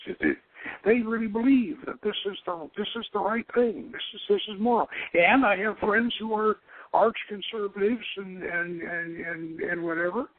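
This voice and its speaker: An older man hosting a call-in radio show, rambling and repeating words as he muses, with frequent chuckles. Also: high voice. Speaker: radio host. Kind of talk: call-in radio talk on occult philosophy. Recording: dry tinny phone-like radio sound.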